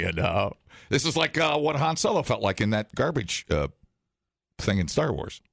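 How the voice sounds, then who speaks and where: A man's voice: mid-range voice, normal speed, creaky, no room sound, studio quality. A man co-hosting a radio morning show, joking and teasing his partner in casual banter. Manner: joking, teasing, deadpan fake stories.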